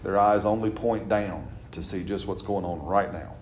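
A middle-aged man with a fairly low voice teaches his congregation in a loose, conversational style, chuckling often and checking in with "right?". His voice carries a roomy echo, as if in a church hall. There is a faint hum of noise under it. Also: normal speed. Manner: chatty, laughing, keeps asking "right?". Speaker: pastor leading a Bible study. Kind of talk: informal teaching with congregation replies.

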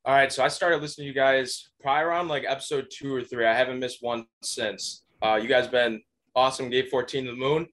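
A man's voice: mid-range voice, steady tone, fast, fairly bright tone. A man appearing as a guest on a sports podcast in casual chat, talking in an easygoing, friendly way. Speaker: guest, contest-winning listener.

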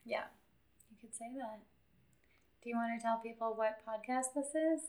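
A woman co-hosting a podcast in casual chat, playful and quick to joke. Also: fairly high pitch, background noise. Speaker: podcast co-host. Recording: roomy echo.

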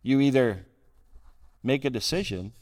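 A middle-aged man from Calgary, Canada, is a guest speaker at a recovery roundup, giving a funny, self-deprecating personal talk and chuckling at his own jokes. His medium-pitched voice is a little mellow, with lively intonation and an unhurried delivery.

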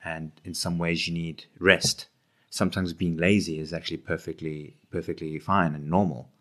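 A man's voice: deep voice, level tone, normal speed, sharp tone. A man co-hosting a casual podcast, talking reflectively with many restarts. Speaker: podcast co-host. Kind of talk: casual chat.

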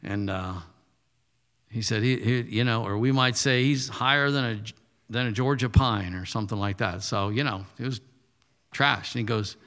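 A man in his thirties preaching in a conversational style, punchy and rising to forceful declarations. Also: medium pitch, moderate pace, long reverb tail. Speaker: pastor. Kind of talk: sermon.

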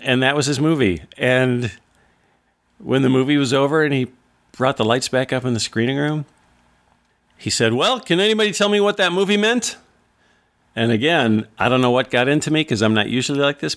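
A man's voice: lowish voice, a bit bright. A man from Wisconsin hosting a podcast, telling a wry, incredulous story about his past in a monologue. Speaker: podcast host.

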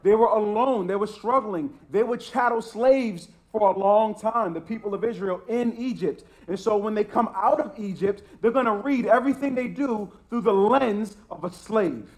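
A man's voice: sits high, moderate pace, hardly any pauses. A man preaching a sermon as a pastor, emphatic and repetitive, with frequent restarts.

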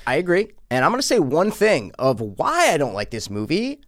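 A man's voice: a little high, wildly swooping pitch, moderate pace, fairly bright tone. A man co-hosting a casual movie review podcast, ranting animatedly and swearing a lot. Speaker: podcast co-host.

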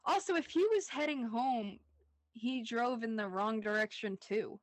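A woman's voice: fairly high pitch, animated, a little slow, dry recording. A young woman co-hosting a rewatch podcast, recapping scenes in casual chat, laughing often and saying "like" a lot. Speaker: podcast co-host.

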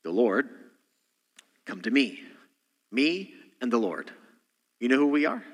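A man, a senior pastor, preaching a sermon and swinging between loud emphatic lines and quiet, almost whispered asides. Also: mid-range voice, big pitch swings, unhurried. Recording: church hall reverb.

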